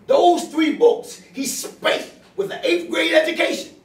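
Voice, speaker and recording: An older man giving an impassioned, emotional speech to a crowd at a town hall, calling out to the audience and swinging between loud outbursts and low asides. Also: fairly even intonation, measured pace, a little hiss or hum. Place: bookstore meeting room. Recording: echoey room, voice from far off.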